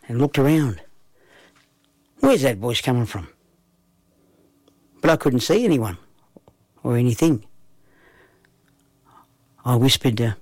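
A man with an Australian accent narrating a children's story in a relaxed, lively first-person telling. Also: mid-range voice, unhurried, long pauses, dry recording.

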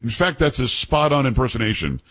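A middle-aged male talk show host with a husky, slightly breathy voice. He talks in casual, chatty radio banter, jumping between the news and joking asides. His pitch sits in the ordinary middle range for a man. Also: very animated, brisk, a bit bright.

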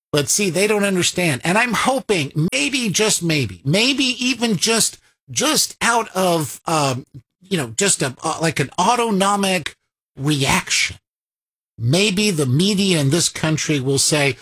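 A man's voice: fairly high pitch, very animated, a little slow, a bit bright, breathy edge. A middle-aged man hosting a political talk radio show, delivering a sardonic monologue with frequent chuckles.

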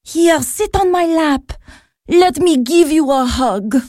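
A woman's voice: high-pitched, lively intonation, takes it slowly, darkish tone. A woman voicing a kind, motherly older sister who speaks soothingly and patiently in an audio drama.

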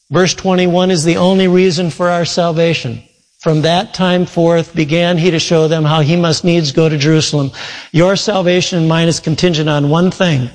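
A man's voice: on the high side, fairly even intonation, normal speed. Man preaching in an echoing hall. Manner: retells a story with many quoted voices, earnest. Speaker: pastor. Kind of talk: sermon storytelling. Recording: long hall reverb.

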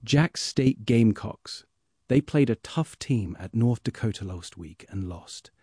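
Soft, earnest synthetic man, Indian accent. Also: lowish voice, expressive, a little slow, husky, no room sound, clean studio sound. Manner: earnest, soft, almost whispered delivery. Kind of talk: synthetic text-to-speech reading.

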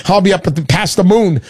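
An older man hosting a call-in radio show, talking in a chatty, animated and emotional way. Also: high voice, normal speed, husky, no echo, studio quality.

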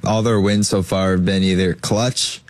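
Low-ish guy rambling thru his football picks, kinda unsure. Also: steady tone, moderate pace, no echo. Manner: hesitant, rambling. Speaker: panelist. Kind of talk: casual sports talk.

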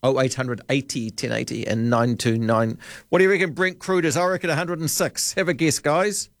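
A man's voice: medium pitch, fairly even intonation, fairly quick, no echo. A man hosting a talkback radio show, rambling and joking as he thinks aloud at a studio microphone. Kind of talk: casual radio chat.

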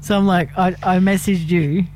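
A woman's voice: lowish voice, steady tone, normal speed, a little mellow, a little hiss or hum. A middle-aged woman, co-hosting a radio show in casual, teasing banter, laughing often and cutting in. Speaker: radio co-host.

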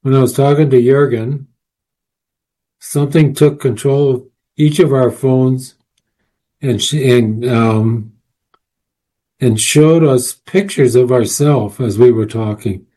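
A man's voice: mid-range voice, slow, long pauses, warm tone. A man, a guest researcher and author, telling a long story in a casual interview, with many fillers and restarts.

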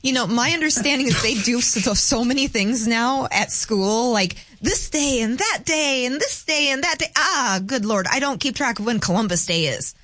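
A woman's voice: on the high side, lively intonation, moderate pace, hardly any pauses, a bit bright, dry recording. A woman who is the guest co-host on a talk radio show, speaking in a blunt, emphatic, opinionated way in casual chat. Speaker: co-host, host's wife. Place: radio studio. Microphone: studio microphone.

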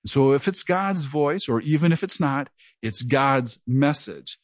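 A middle-aged pastor with a medium-pitched voice preaches an earnest, lively verse-by-verse Bible teaching at an unhurried pace. He mentions that he stutters and sometimes repeats words. The recording has no echo.

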